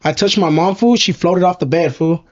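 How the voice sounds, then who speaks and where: A man's voice: sits high, moderate pace. A man from Southern California tells a story in casual slang, swearing and calling listeners "fool". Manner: slangy, calls everyone "fool", swears often. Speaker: podcast guest. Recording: slightly dull lo-fi sound.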